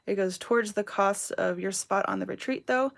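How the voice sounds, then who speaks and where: In her thirties, a woman hosts a relaxed crafting livestream from home, chatting cheerfully and reading viewers' names and comments aloud as she works. Her voice is mid-range with some vocal fry, and she talks at a moderate pace.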